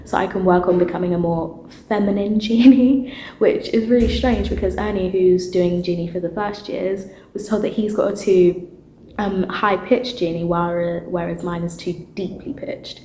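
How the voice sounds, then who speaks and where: A woman's voice: lowish voice, moderate pace, reverberant, slight background noise, low-quality recording. A young woman and drama student, chatting animatedly in a casual vlog. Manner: chatty and animated, with asides and laughs.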